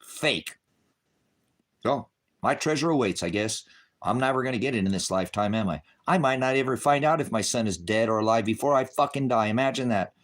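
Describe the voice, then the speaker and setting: A middle-aged man ranting to his viewers, cursing heavily and swinging between shouted outbursts and low bitter muttering. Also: expressive, a little fast. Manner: heavy cursing, bitter and raging. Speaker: online ministry broadcaster. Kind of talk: angry unscripted rant to viewers.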